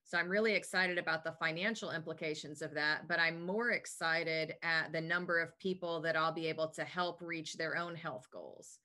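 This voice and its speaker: Woman, interview guest, bright crisp tone, slightly low pitch, upbeat and talkative. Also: fairly even intonation, normal speed, hardly any pauses. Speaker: interview guest, health business owner. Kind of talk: casual interview answers.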